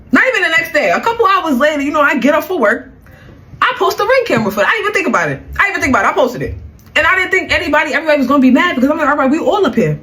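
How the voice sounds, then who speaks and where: A woman's voice: high-pitched, bright, forceful tone. A young woman telling a personal story in a casual vlog, blunt and heated, with plenty of slang and cursing.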